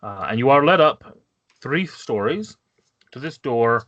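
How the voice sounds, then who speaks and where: A man narrating a tabletop game as game master, often halting and restarting. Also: medium pitch, expressive, a bit bright, no room sound, dull audio.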